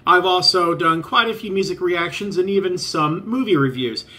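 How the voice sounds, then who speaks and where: A man's voice: sits high, normal speed, sharp tone. A man hosting his own reaction channel, introducing clips in a chatty, upbeat way. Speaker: reaction video host. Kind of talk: casual reaction vlog.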